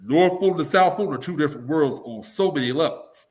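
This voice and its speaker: A man with a somewhat high voice speaks bluntly and emphatically as a guest in an interview. He swears freely and slips into the voices of the people he quotes. His delivery is opinionated and forceful. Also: fast talker. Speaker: political guest, talk radio personality.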